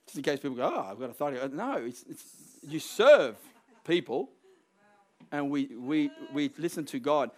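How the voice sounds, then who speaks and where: A man preaching a sermon, emphatic and building to forceful peaks, acting out quoted voices along the way. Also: on the high side, expressive, a little slow.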